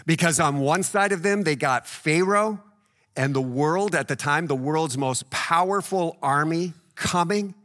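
A man's voice: fairly high pitch, unhurried, fairly bright tone. A male pastor preaching a sermon in a conversational way, tying the scripture to everyday examples and often checking in with "right?".

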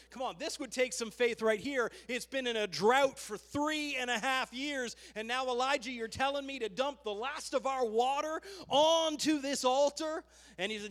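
A man preaching a sermon, fervent and emphatic, with loud rising bursts as he tells the story. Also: very high voice, normal speed. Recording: long hall reverb.

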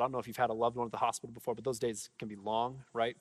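A man's voice: medium pitch, flat delivery, racing, breathy edge, long reverb tail. A young man preaching to his church, casual and fervent, full of fillers and restarts. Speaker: pastor. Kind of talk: sermon with prayer and testimonies. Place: church sanctuary.

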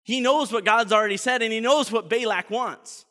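Bright-voiced, animated preacher in an echoing church. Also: male voice, very high voice, moderate pace. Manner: animated storyteller, repeats words when excited. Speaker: pastor. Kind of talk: sermon.

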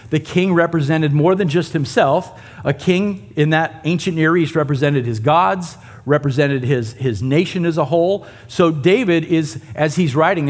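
A man preaching a sermon and teaching a Bible passage in a conversational way, with asides to the congregation. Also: a little high. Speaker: pastor.

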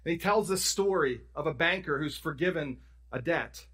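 Husky-voiced man preaching a sermon. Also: fairly high pitch, moderate pace, fairly bright tone. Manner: conversational preaching, restarts and self-corrections, emphatic storytelling. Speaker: pastor.

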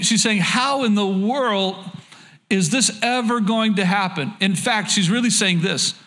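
A male pastor delivers a sermon in a fairly high voice. He talks earnestly and conversationally, often restarting and repeating words as he reads and explains scripture. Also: fairly bright tone.

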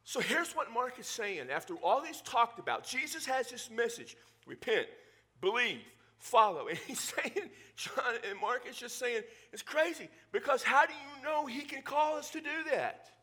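A male pastor preaching a sermon in a conversational, animated way, with joking asides to the congregation. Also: very high voice, normal speed. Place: church.

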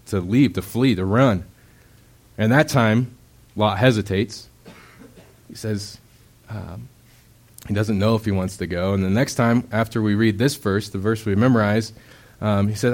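A young man delivers a sermon in a relaxed, conversational way. His voice sits low, and he stumbles through fillers. Now and then he acts out quoted voices with sudden loud bursts. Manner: casual, conversational preaching with many fillers. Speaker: preacher.

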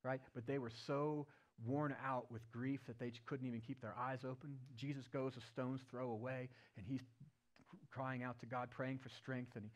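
A male pastor delivers a sermon to his church. He tells the story vividly. His voice climbs loud and high at key points and drops to a hushed murmur at others, from a middle-pitched baseline. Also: level tone, moderate pace. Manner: retells the story vividly, swinging from loud and raised to hushed and low. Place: church service.

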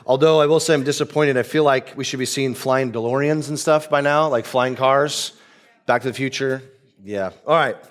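A man preaching a casual sermon as pastor, nasal from a cold, relaxed and joking with many ums. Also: medium pitch, normal speed. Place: church auditorium.

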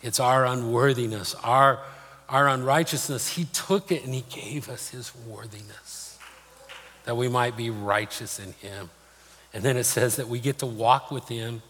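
A man's voice: medium pitch, measured pace, a bit bright, husky. Plain-spoken male preacher in a reverberant hall. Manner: plain-spoken, personal storytelling. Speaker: pastor. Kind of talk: sermon. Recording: long reverb of a large hall.

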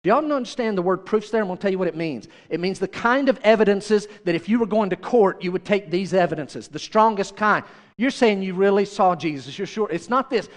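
A man's voice: high-pitched, lively intonation, a little fast, long reverb tail. A male pastor preaching a sermon, chatty and direct, often turning to the congregation with questions.

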